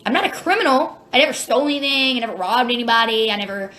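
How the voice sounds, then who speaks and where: A former prisoner shares her story in a casual direct-to-camera video about life after prison, near tears as she speaks. Her voice is a little high, quick, bright, and forceful with lively intonation, and she's blunt, impassioned, plain-spoken, and curses now and then.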